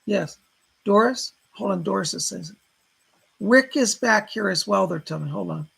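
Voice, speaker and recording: Male psychic medium, very gravelly, raspy, live-stream reader. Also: high voice, normal speed, fairly bright tone, rough recording. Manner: relays spirit messages as quotes, thanks donors by name.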